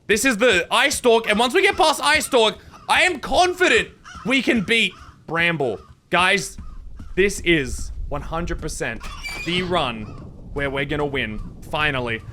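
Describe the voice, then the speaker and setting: A man's voice: high voice, sing-song, measured pace, bright, forceful tone, slight background noise. A man giving goofy, dramatic, self-mocking commentary while playing a video game. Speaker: gaming video creator. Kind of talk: let's-play commentary.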